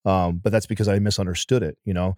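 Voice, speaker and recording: A man's voice: low voice, steady tone, fast talker, darkish tone, dry recording, clean studio sound. A man speaking as a podcast guest in casual conversation, earnest and emphatic, swearing now and then.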